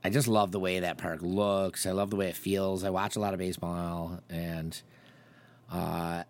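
Low-voiced man telling a rambling story. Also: level tone, normal speed. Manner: rambling storyteller, acts out quotes with pitch jumps. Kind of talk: casual chat.

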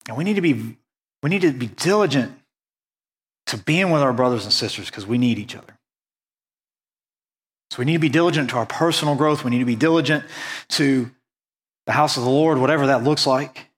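A man from the United States preaching a sermon, earnest and conversational, slowing down to stress key points. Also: medium pitch. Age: adult, went on a mission trip after high school. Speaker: pastor.

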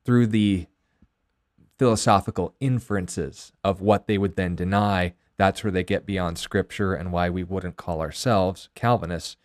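A man answering a viewer's Bible question in a measured, explanatory way on a talk show. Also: low voice, steady tone, no room sound, clean studio sound.

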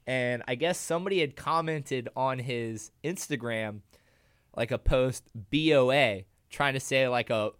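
Guy guest on a radio show, smooth clear voice, dry studio sound, laughs a lot telling stories. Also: medium pitch, measured pace, no room sound. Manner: animated storyteller, laughs a lot. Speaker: guest, jiu-jitsu competitor. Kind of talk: casual podcast interview.

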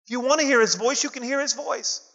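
A man's voice: very high-pitched, fast, fairly bright tone. A man preaching a sermon, calling on the congregation to answer him. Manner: preaching with call-and-response to the congregation. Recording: dull lo-fi audio with long hall reverb.

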